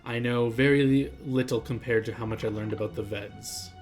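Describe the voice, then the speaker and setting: A man voicing a cheerful, sly tiefling woman scholar in a tabletop game, with a theatrical, drawn-out delivery. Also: mid-range voice, steady tone, soft background music, lightly acted. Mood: sly, welcoming.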